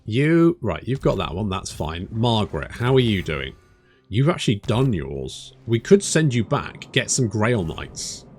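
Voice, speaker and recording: A man's voice: fairly low pitch, big pitch swings, unhurried, a little hiss or hum. A man in his thirties giving let's play commentary, chatty, swearing and muttering to himself. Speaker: gaming channel host. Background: game music.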